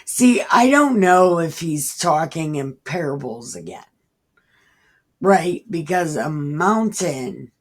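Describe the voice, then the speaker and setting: Woman, low voice, unhurried, casual scripture reading, rambling irreverent commentary. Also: expressive, husky. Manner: rambling, irreverent, swears freely. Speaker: online Bible reader.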